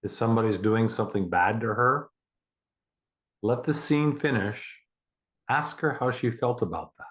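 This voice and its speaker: A man leading a guided meditation, speaking slowly and deliberately with long pauses and a calm, reassuring manner. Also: mid-range voice.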